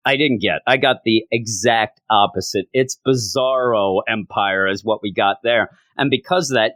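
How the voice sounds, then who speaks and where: A man's voice: mid-range voice, fairly bright tone, no echo. A man reviewing a comic book in a sarcastic, exasperated way. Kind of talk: video review.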